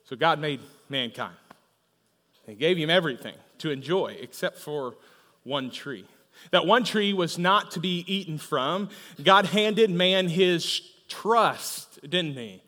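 A man's voice: on the high side, expressive, slow, bright, forceful tone. A man preaching a sermon in a church, talking conversationally, tossing in frequent "right?" asides and telling humorous stories. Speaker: pastor. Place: church auditorium. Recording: long reverb of a large hall.

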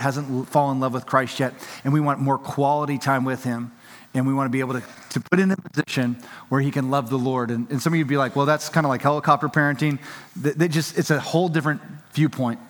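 A pastor with a mid-range, slightly bright voice preaches a sermon conversationally and emphatically, acting out quotes and often restarting his sentences. The recording carries the long reverb of a large hall.

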